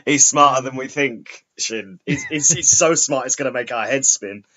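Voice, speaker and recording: A man who is a guest on a podcast in casual chat, laughing often and telling stories with animated quoting. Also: medium pitch, unhurried. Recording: dull lo-fi sound.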